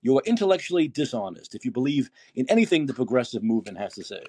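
Background noise accompanies this man's medium-pitched voice, which moves quickly with big pitch swings. He hosts a political call-in podcast, ranting indignantly with curses and rhetorical questions and reading posts from his feed aloud as political commentary.

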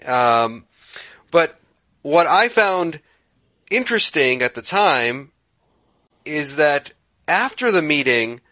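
A man with a bright, forceful voice leads an interview, winding through a long anecdote with plenty of ums and self-corrections. The sound is dry and close. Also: a little high, very animated, slow, long pauses, no echo. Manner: rambling, hesitant, full of fillers. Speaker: podcast host. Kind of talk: conversational interview question.

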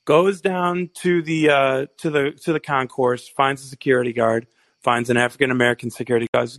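A man's voice: medium pitch, fairly even intonation, fairly quick, a bit bright, no echo. A male caller telling a rambling anecdote, with many fillers and restarts. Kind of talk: phone-in anecdote.

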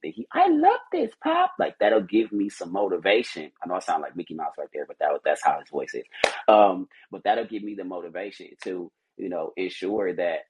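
A man's voice: low voice, breathy edge, rough recording. A man who heads a company, speaking as a podcast guest, earnest and motivational, rambling with many restarts. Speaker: CEO guest. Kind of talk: podcast interview, motivational talk.

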